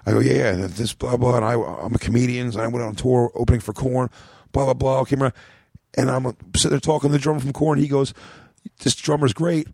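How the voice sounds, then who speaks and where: A man's voice: medium pitch, fairly even intonation, fast, gravelly, darkish tone, husky, no room sound, clean studio sound. A man with an American accent, a comedian telling a long backstage story in a rambling, profane way on a podcast. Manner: rambling, profane, acts out quotes in a raised voice.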